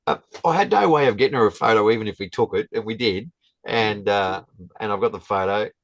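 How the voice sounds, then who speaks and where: Very deep-voiced man telling a story. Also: level tone, no echo, highs cut off. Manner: halting, many restarts and fillers. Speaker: guest. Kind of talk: casual storytelling.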